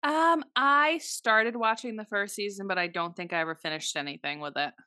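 A woman's voice: medium pitch, bright, forceful tone, no room sound, studio quality. A woman co-hosting a podcast, reacting with short teasing, blunt remarks in casual chat. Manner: teasing, blunt, quick to laugh. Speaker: podcast co-host.

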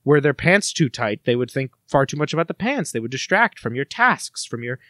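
A man's voice: mid-range voice, very animated, brisk, pushed and bright, dry recording, studio quality. A man co-hosting a comedy podcast with his sister, joking around and slipping into theatrical mock-drama. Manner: jokey, theatrical, drops into mock-dramatic voices. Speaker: podcast co-host. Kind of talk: casual comedic chat.

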